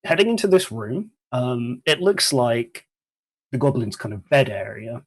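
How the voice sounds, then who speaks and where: A man narrating as game master of a tabletop game, relaxed and rambling. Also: medium pitch, a little slow, husky, poor audio.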